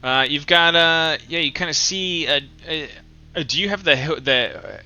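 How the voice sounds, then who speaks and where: A man narrating as game master for an online tabletop game, halting and filler-heavy, pressing his players for detail. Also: on the high side, bright, forceful tone, lo-fi sound.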